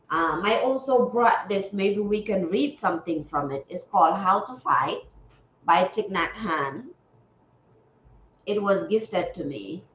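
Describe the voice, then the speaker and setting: A woman's voice: on the low side, a bit bright, a little hiss or hum. A woman from Gambia hosting a spiritual livestream, talking in an earnest, preachy way and repeating phrases for emphasis. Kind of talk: casual livestream talk. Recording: roomy, dull lo-fi sound.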